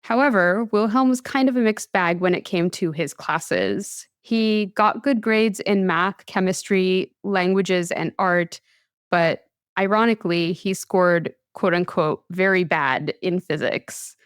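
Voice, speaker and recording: A woman's voice: medium pitch, measured pace, smooth, dry recording, studio quality. A young American woman hosting a podcast, telling a science history story in a casual, chatty way and laughing often.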